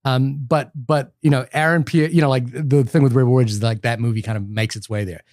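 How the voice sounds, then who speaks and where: A man's voice: mid-range voice, fairly even intonation, a little fast, a little mellow, no room sound. Rambling man talking movies, dry close mic. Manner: rambling, enthusiastic, many restarts. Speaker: podcast co-host. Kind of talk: casual film discussion.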